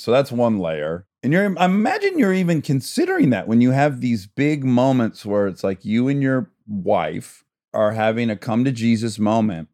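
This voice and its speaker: A man's voice: mid-range voice, darkish tone. A man hosting a podcast, chatting with his guest in an enthusiastic way and laughing between thoughts. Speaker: podcast host. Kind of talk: casual interview chat.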